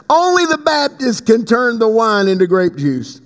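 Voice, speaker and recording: A man preaching a sermon as pastor, swinging between slow emphatic stretches and sudden high leaps. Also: expressive. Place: church sanctuary. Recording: long hall reverb.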